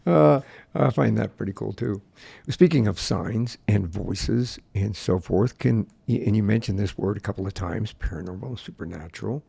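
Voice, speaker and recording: Male host, husky voice, relaxed and a bit hesitant, dry close sound. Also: lowish voice, measured pace, no echo. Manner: relaxed, hesitant, repeats words. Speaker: podcast host. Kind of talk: casual interview chat.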